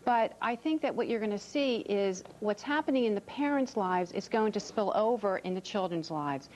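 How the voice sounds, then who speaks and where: A woman child psychologist appears as a TV interview guest, answering in an earnest, reassuring way and often repeating words as she begins a sentence. Her medium-pitched voice is expressive, a little mellow, and moderately paced. The dull, lo-fi TV audio has slight background noise.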